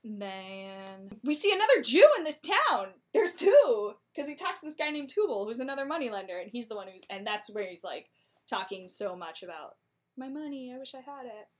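A woman casually recapping a plot in a chatty, slangy way, with quick laughs. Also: a little high, big pitch swings.

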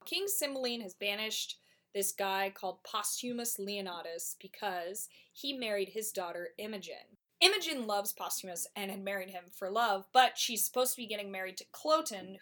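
A woman's voice: mid-range voice, bright, forceful tone. Chatty woman podcast host. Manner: chatty, slangy, quick asides. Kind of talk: casual comic plot summary.

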